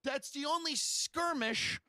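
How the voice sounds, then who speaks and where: A man's voice: very high-pitched, slow, bright, forceful tone, no room sound. A man delivering a sarcastic comedic rant in a mocking, incredulous tone, firing off rhetorical questions. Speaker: comedian on a podcast clip.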